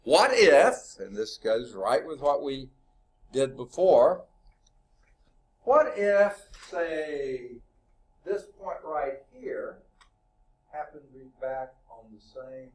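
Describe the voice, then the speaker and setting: A man's voice: a little high, big pitch swings, slow pace, pauses often, husky. A male math instructor lecturing a class, working problems aloud, quizzing students and chatting informally with asides.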